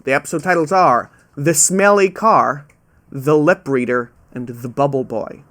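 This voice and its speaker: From home over a webcam, a man runs a live online trivia quiz, casual and self-deprecating, slowly repeating every question. His voice is fairly high and fairly bright, and he has trouble with "ow" sounds.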